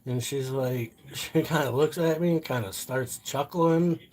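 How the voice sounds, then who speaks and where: A man's voice: mid-range voice, a little slow, darkish tone. Rambling, profane middle-aged man. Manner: profane, loose, peppered with "you know what I mean". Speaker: live-stream vlogger. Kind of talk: rambling casual storytelling.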